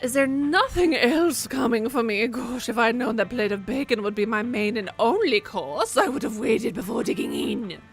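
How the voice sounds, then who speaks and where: A woman's voice: fairly high pitch, expressive, moderate pace, hardly any pauses, soft background music. A woman voicing a pampered female dog with the airs of a grand old lady, speaking in a haughty, indignant manner while reading a horror game aloud.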